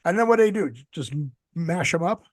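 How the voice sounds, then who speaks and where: A man co-hosting a casual show over a video call, rambling through topics and slipping in deadpan jokes. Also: a little high, fast talker, no room sound, clean studio sound. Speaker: podcast co-host.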